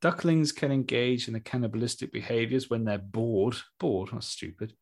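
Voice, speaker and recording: A man co-hosting a casual podcast, reading out strange facts over a video call and adding wry, deadpan asides. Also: medium pitch, normal speed. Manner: wry, deadpan asides after each fact. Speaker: podcast co-host.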